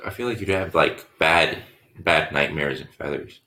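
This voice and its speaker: A man rambling in casual podcast chat from a bedroom, halting and restarting. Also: very deep voice, sharp tone. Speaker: podcast co-host.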